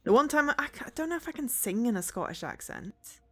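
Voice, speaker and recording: A woman's voice: fairly high pitch, big pitch swings, brisk. A woman streaming from home, chatting casually with her viewers, rambling, laughing often and humming bits of songs.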